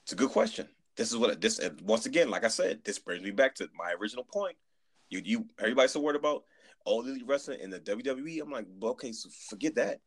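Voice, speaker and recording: A man in casual podcast chat, animated and emphatic, often restarting his sentences. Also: mid-range voice, fast talker, husky. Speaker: podcast guest.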